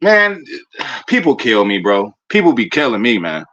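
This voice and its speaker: Man, bright forceful voice, rambling profane fan rant, muffled lo-fi sound. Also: medium pitch, huge pitch swings, normal speed. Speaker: sports fan commentator.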